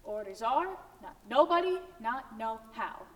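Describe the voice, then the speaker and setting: Bossy blustery gate guard played by a woman, kinda high voice, far off in a big echoey hall. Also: expressive, a little slow, fairly bright tone. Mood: stern. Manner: bossy, blustering, repeats orders. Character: gruff gatekeeper guarding the wizard's door. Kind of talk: amateur stage play. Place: theater stage. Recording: distant stage sound in a reverberant hall.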